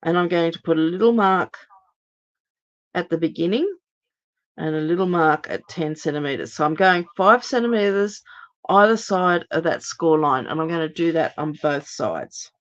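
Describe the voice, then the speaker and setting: A hoarse, lower-pitched middle-aged woman talks viewers through a craft project step by step, chatty and full of ums. The audio sounds dull and muffled, like a home live stream. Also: expressive, moderate pace. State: hoarse, recovering voice. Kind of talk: live card-making demonstration.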